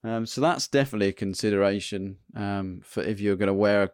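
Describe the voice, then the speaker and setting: Relaxed man in casual chat. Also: on the low side, a little fast, clear, resonant tone, no room sound, clean studio sound. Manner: relaxed, asks questions, laughs easily.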